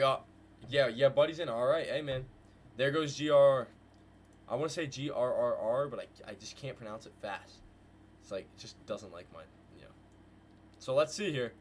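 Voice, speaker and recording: A man at a desk mic runs live market commentary for his viewers, mid-pitched and full of hype. He calls to the chat as "guys" and "bro" and fires phrases off in repeated bursts, with a faint hiss of noise behind him. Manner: hyped, slangy, talks to chat with "guys" and "bro". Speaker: trading livestream host. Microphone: desk mic with headphones.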